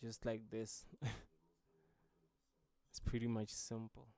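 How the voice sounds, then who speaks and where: A man's voice: fairly low pitch, monotone, slow pace, warm tone. Laid-back man explaining a vocal mix. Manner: laid-back, loose, with frequent fillers. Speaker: music producer teaching vocal mixing. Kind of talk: casual tutorial talk.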